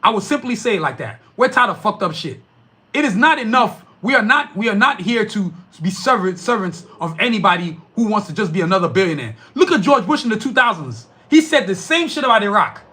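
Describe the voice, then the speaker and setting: A man's voice: sits high, big pitch swings, brisk, hardly any pauses, sharp tone. Fired-up, profane man ranting. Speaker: podcast host reading live chat. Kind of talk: heated political rant.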